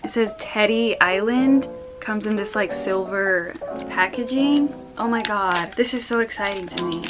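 A woman's voice: mid-range voice, unhurried. A young woman filming an unboxing vlog at home, gushing, squealing and tearful, repeating herself breathlessly. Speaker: vlogger. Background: background music.

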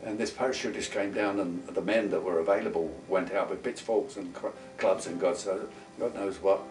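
A man, telling wartime memories in a lively, folksy way with plenty of asides. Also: low-pitched, moderate pace. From London, England. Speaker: interviewee, wartime veteran. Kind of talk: casual spoken recollection. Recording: roomy, distant mic with faint guitar music.

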